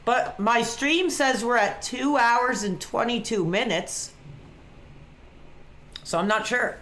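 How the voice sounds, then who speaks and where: A man's voice: very high-pitched, slow, bright, forceful tone, a little hiss or hum. A man chatting casually on a webcam stream, reacting to a wrestling match as he watches along. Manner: laid-back, chatty, reacting to the action.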